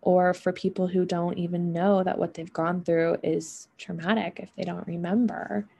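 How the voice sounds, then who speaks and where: A woman giving a reflective monologue on emotions and healing. She talks in an unhurried, musing way and often adds "right?" and "you know". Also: medium pitch, gravelly, warm tone, breathy edge.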